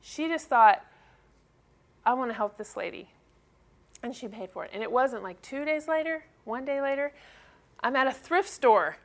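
A woman's voice: sits high, normal speed, pauses often. A middle-aged mother giving a casual church talk, chatty, with many fillers and frequent laughs. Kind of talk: personal storytelling talk.

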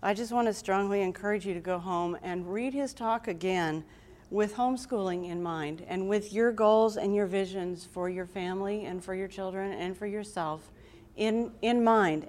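A woman's voice: mid-range voice, a little slow, darkish tone. A woman giving an earnest, heartfelt presentation to a live audience. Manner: reads scripture aloud with emphasis. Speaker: conference presenter.

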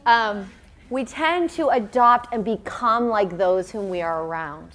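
A woman's voice: medium pitch, a little slow, a bit bright. A woman giving a playful talk to a youth audience. She jokes and keeps asking them questions. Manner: playful, joking, quizzing the audience. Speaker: church youth speaker.

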